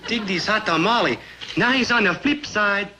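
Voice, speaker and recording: An actor playing a laid-back, spacey beatnik buddy in a 1950s sitcom, drawling hip slang. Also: male voice, sits high, moderate pace, over a noisy crowd, very noisy, natural voice.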